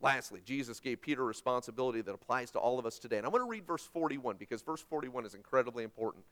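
A man preaching a sermon, telling a story dramatically and swinging between loud and hushed. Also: mid-range voice, expressive, very fast.

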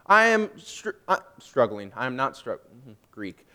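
A young man giving a personal faith testimony, emotional and swinging from hushed, drawn-out phrases to loud, emphatic ones. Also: mid-range voice, big pitch swings. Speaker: student speaker giving testimony.

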